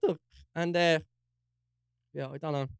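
A young man with a Dublin accent holds the floor on a casual podcast, his voice sitting a little high. The sound is dry and close to the mic. He swears freely and gets animated when he acts out the people in his story. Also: moderate pace, vocal fry, clean tone, no room sound. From Ireland. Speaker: podcast co-host.

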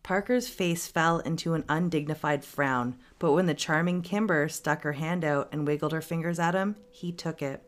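A woman with a very low voice narrates a story aloud as a podcast host. Her reading is steady and expressive. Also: moderate pace, hardly any pauses.

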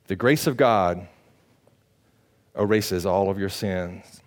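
A male pastor preaching a sermon, moving between loud, high-pitched exclamations and quiet, low appeals, with casual rhetorical questions to the congregation. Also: takes it slowly.

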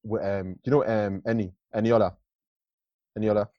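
A young man on a casual podcast, teasing and animated, often repeating himself. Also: on the low side, normal speed, no echo, muffled recording. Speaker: podcast co-host. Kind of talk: casual chat.

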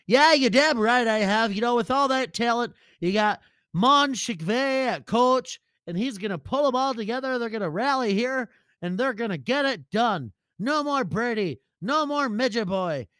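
A man voicing a brash, crude loudmouth male football fan who trash-talks cockily and swears. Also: very high-pitched, expressive, moderate pace, no room sound, studio quality, voice pushed up. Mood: cocky. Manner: cocky, profane trash talk.

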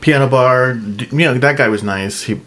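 A man's voice: mid-range voice, normal speed, fairly bright tone, slight background noise. A man from San Antonio, Texas, co-hosting a podcast in casual chat, easygoing with short wry remarks. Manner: easygoing, brief wry interjections. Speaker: podcast co-host.

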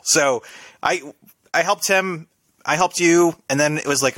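A man's voice: a little high, lively intonation, moderate pace, bright, forceful tone, no room sound. A young man telling a rambling story in casual conversation, often ending his sentences with "right?".

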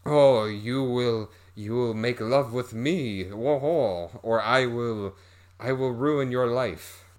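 A cheesy spider-man monster growls out threats in a bad mock French accent, as a man puts him on. The delivery is slow and drawn out, with the menace laid on thick. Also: mid-range voice, lightly acted. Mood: menacing.

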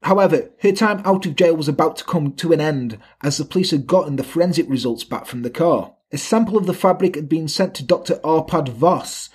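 A man's voice: on the high side, brisk, hardly any pauses, a little mellow, breathy edge. Casual man telling a crime story. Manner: swears often, acts out quotes of the people in the story. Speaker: podcast co-host telling a true crime story.

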